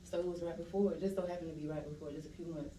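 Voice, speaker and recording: A young woman with a Louisiana accent, chatting as a podcast guest and telling stories in a lively, laughing way. She sits back from the mic in a roomy space with a faint hiss underneath. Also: sits low, racing, far from the mic. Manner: animated, laughing, quotes herself. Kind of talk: casual storytelling chat.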